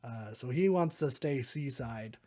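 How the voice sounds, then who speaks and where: A man's voice: mid-range voice, expressive, a little slow, darkish tone. A man hosting a podcast, casually recapping a movie in a rambling way, chuckling often and filling his talk with "like". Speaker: podcast host.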